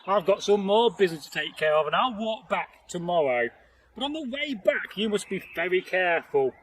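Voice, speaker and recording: A man voicing a calm, caring farmer husband in a folktale, giving a slow fatherly warning. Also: sits high, a little hiss or hum, poor audio.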